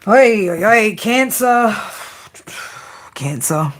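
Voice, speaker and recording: A woman giving a tarot reading, blunt and profane, often tagging her points with a quick "right?". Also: mid-range voice, lively intonation, slight background noise. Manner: frank tough-love delivery. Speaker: tarot reader.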